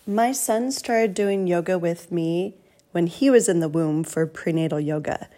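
A mother giving a short, calm testimonial about doing yoga with her child. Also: on the low side, unhurried. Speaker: parent.

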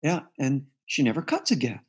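A man's voice: medium pitch, wildly swooping pitch, moderate pace, slightly rough. A man being interviewed as a guest therapist, earnestly recounting a client's case and quoting the dialogue. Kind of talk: interview storytelling.

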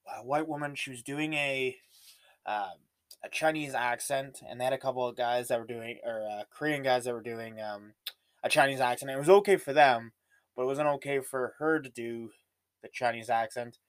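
A man's voice: medium pitch, normal speed, clear, resonant tone. Rambling Canadian man hosting a podcast. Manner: rambling, many fillers and restarts. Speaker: podcast host. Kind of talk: solo casual podcast monologue.

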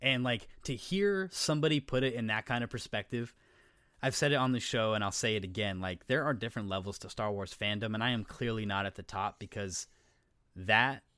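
A man with a lowish voice talks casually on a podcast, excitable and rambling, dropping swear words as he tells a story. The sound is dry and close, with no room around it. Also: a little fast, clean tone, no room sound. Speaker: podcast co-host. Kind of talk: casual chat.

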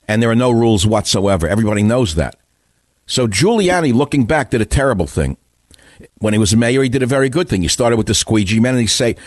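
A man's voice: medium pitch, no echo. A man in his seventies hosting a talk radio show, giving an opinionated, rambling and sardonic monologue into a studio microphone. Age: 70s.

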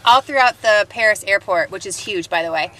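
A woman's voice: mid-range voice, fairly quick, a loud crowd, poor audio. A woman co-hosting a podcast, chatting casually and rambling through a story. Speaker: podcast co-host. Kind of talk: casual chat.

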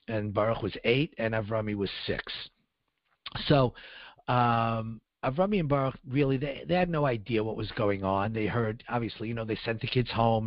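A man's voice: medium pitch, no room sound. Older man telling a story, dull dry sound. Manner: rambling with many fillers. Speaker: guest. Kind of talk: personal storytelling.

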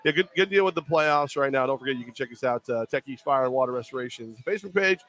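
A man co-hosting a podcast in casual sports chat, rambling and cracking jokes with quick asides. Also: medium pitch, animated, fairly bright tone. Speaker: podcast co-host.

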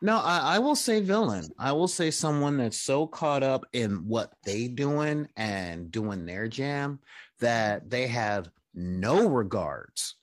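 A man's voice: mid-range voice, lively intonation, slow. A man co-hosting a podcast in casual chat, drawling and acting out quoted reactions. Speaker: podcast co-host.

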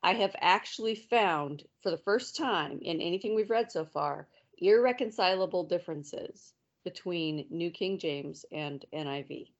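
Woman explaining eagerly, lower voice. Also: measured pace. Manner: explaining, talkative. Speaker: Bible study group member. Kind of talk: casual group discussion. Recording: dull lo-fi recording.

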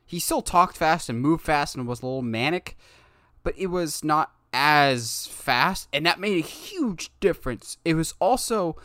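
A man in casual conversation reviewing a superhero movie, animated and acting out lines from scenes. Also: on the high side, a little slow, no room sound, clean studio sound. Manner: animated, acts out quotes from scenes.

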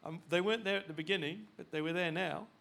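A male pastor delivers a sermon with a high, bright and sharp voice. He preaches in an animated, unscripted way, often restarting and repeating words. His voice climbs loud and urgent in places. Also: fast talker, gravelly. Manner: animated preaching, rising loud when voicing God.

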